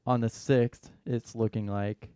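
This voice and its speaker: Male podcast co-host, easygoing and halting, smooth voice, dry sound. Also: medium pitch, level tone, dark tone, no echo. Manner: laid-back, halting with ums. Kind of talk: casual chat.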